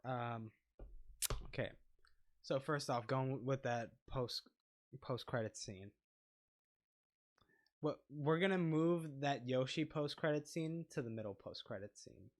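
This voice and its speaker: A man's voice: mid-range voice, slow, pauses often. A man co-hosting a casual movie podcast, playful and rambling, often restarting his sentences. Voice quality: playful, rambling, self-interrupting. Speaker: podcast co-host. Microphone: lavalier microphone.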